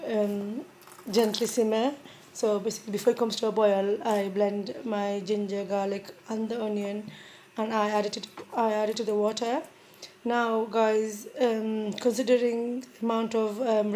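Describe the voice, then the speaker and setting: A woman hosting a casual home cooking tutorial with a croaky voice from a sore throat, chatty and repeating herself with many ums. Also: mid-range voice, darkish tone, slight background noise. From Bangladesh.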